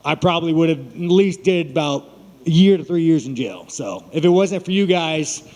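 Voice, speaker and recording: A man's voice: a little high, expressive, normal speed, a little mellow, long reverb tail. A man in his thirties, a fighter talking to the press, telling a long story in crude, rambling language and laughing often. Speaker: fighter at media day. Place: media event room.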